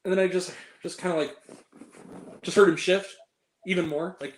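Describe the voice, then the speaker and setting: A woman's voice: fairly low pitch, fairly even intonation, moderate pace. A woman co-hosting a casual chat, telling a story animatedly and laughing often. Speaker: podcast co-host. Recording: roomy echo.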